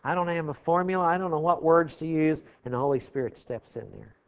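A man's voice: on the high side, lively intonation, fairly quick. A man teaching a Bible class verse by verse, explaining word meanings and often checking in with his listeners. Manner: explanatory, asks the class "okay?" often, clears throat.

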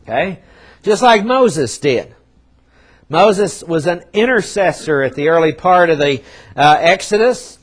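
A man preaching a sermon, emphatic, with dramatic pauses and swings in loudness, acting out quoted prophets in a conversational voice. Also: on the high side, lively intonation. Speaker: pastor.

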